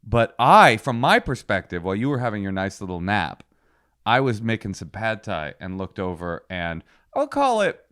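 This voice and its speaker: Animated man telling a comic story. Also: lowish voice, moderate pace, smooth. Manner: animated storytelling, acts out quotes loudly. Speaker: podcast co-host. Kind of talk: comedic casual chat.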